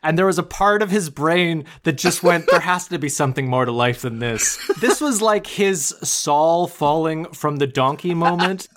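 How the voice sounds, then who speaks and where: A man with a slightly high voice recaps a film for his podcast co-hosts. His delivery is sarcastic and laced with swearing, and he slips into quick voices for the characters as he goes. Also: animated, a bit bright. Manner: sarcastic, swears, acts out quotes while retelling the plot. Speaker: podcast co-host recapping a movie. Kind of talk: casual chat. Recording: remote call.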